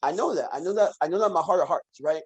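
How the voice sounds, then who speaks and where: Animated man telling stories, fairly high voice. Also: rapid-fire, slightly rough, low-quality recording. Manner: animated storyteller, repeats phrases for emphasis. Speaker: podcast guest. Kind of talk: casual conversation.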